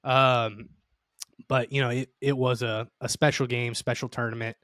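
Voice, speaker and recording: A man co-hosting a podcast, chatting about a tournament in a measured, conversational way. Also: medium pitch, flat delivery, fairly bright tone, dry recording. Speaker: podcast co-host. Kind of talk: casual soccer analysis chat.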